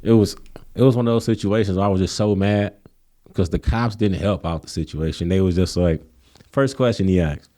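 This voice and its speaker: In a relaxed storytelling interview, a college coach from Kenosha, Wisconsin appears as a guest, speaking at normal speed in a fairly low, dark, mellow voice. Easygoing and animated, he acts out the people in his stories, going higher and louder for their lines.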